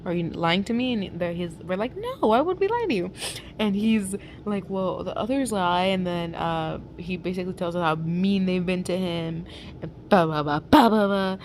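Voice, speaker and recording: A woman's voice: lowish voice, steady tone, moderate pace. A young woman chatting casually and recapping a fan fiction story with lots of fillers and giggles, recorded at home on a camera mic with faint noise. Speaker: fanfic reader and channel host. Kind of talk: casual chat and reading a fanfic aloud.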